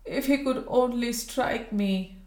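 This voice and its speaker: Woman reader doing a delirious dying woman, feverish, raving, pleading, high strained cries, roomy echo. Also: slow pace, darkish tone. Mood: frantic raving.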